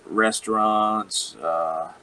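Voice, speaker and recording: A man's voice: on the low side, steady tone, very slow, bright, forceful tone, poor audio. A man, a wrestler, telling a rambling, profane story in casual chat and laughing often. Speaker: professional wrestler guest.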